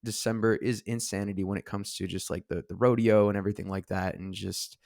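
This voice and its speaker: A man's voice: lowish voice, fairly even intonation, a little fast, creaky, a little mellow, no echo, studio quality. A man co-hosting a casual podcast, rambling with lots of filler words and restarts. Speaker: podcast co-host. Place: studio seated across from co-host.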